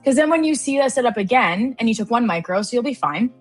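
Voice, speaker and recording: Casual woman explaining trades, soft music. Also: fairly high pitch, animated, quick pace, poor audio. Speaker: trading stream co-host. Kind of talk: live-stream trading chat. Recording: faint music in the background.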